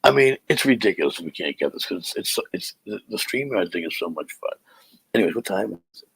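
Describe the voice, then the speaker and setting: Gravelly low-voiced man rambling. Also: expressive, fast talker, a bit bright, dry recording, low-quality recording. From Boston area, USA. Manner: rambling storyteller, stop-start with restarts. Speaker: podcast host and comic. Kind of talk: casual live podcast chat.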